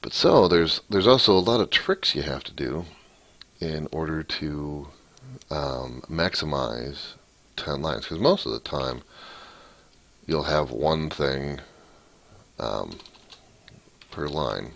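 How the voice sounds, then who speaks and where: A man with an extremely low, gravelly voice talks through code in a casual walkthrough. He speaks slowly and thinks aloud, reading out each line as he types. He rambles and restarts often. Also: animated, a bit bright, dry recording. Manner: thinks aloud, reads code out while typing. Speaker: hobbyist programmer.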